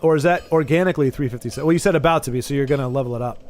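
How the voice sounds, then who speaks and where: Speaking very fast in a medium-pitched, slightly mellow voice, this man keeps up casual live-stream chat with his audience while gaming. His sentences frequently stall, stammer, and start over.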